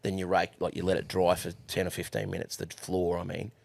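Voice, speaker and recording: A man's voice: low voice, level tone, a little fast, gravelly. A young Australian man, a horse trainer, telling crude stories with lots of swearing and laughter in a casual podcast chat.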